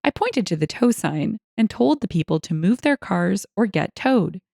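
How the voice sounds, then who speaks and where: Lively woman narrating stories. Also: mid-range voice, normal speed, gravelly, no room sound, studio quality. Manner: lively, expressive reading with wry asides. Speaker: storyteller reading online stories. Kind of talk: scripted narration.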